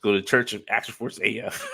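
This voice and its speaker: A man's voice: on the low side, vocal fry, husky. A man co-hosting a podcast in loose, profane chat, laughing often and sometimes dropping into a joking whisper. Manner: profane, animated, laughs often, drops into a mock ASMR whisper. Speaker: podcast co-host. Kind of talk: casual chat.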